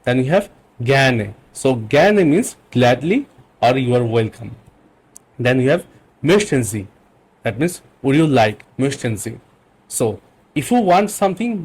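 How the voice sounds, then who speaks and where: A man teaching German vocabulary in English, explaining patiently and repeating phrases slowly. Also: mid-range voice, a little mellow, breathy edge. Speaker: language teacher.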